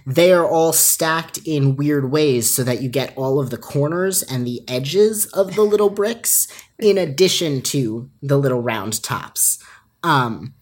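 A woman co-hosting a podcast, telling animated stories with frequent laughter and acted-out quotes. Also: low voice, a little slow, breathy edge. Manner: animated storytelling, laughs often, acts out quotes. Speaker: podcast co-host. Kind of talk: casual podcast chat.

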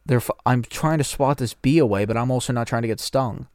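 A man's voice: medium pitch, a little fast, a little mellow, no echo, clean studio sound. A man co-hosting a podcast, telling a rambling anecdote in casual chat and swearing a lot. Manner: rambling storytelling, frequent swearing. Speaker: podcast co-host.

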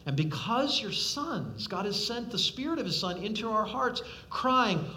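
A man preaching a sermon as a pastor, swinging from loud, pressing appeals to hushed, quiet questions and acting out the voices he quotes. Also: high voice, sing-song, normal speed, slight background noise.

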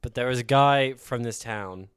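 A young man co-hosting a podcast, talking in halting casual chat full of fillers. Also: mid-range voice, a bit bright, smooth.

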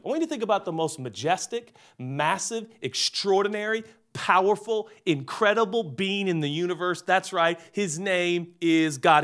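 A man in his forties preaching a sermon, swinging between loud emphasis and hushed, quiet delivery. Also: on the high side. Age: 40s. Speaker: pastor.

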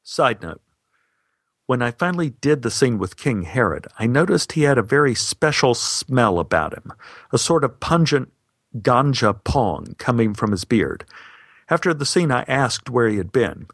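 A man's voice: mid-range voice, normal speed, no room sound, clean studio sound. Wry man telling a personal story. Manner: wry, deadpan humor.

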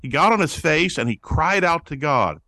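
A man's voice: a little high, lively intonation, normal speed, gravelly, bright, forceful tone, no echo. A man teaching like a preacher in an interview, his voice rising and falling as he acts out the people he quotes. The sound is dry and close, with no room around it. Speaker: guest, pastor-author on prayer.

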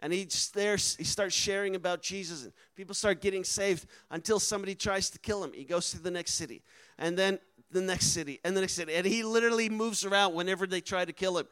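A man telling a story from the mission field with animated energy, building to loud, emphatic peaks. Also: high-pitched, quick pace, smooth. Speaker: missionary speaker. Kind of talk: storytelling sermon.

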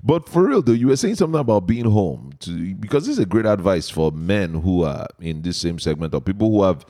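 A man's voice: low-pitched, sing-song, brisk, warm tone, no echo, studio quality. A man from Nigeria with an Igbo accent, hosting a podcast in a chatty way and laughing often. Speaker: podcast host.

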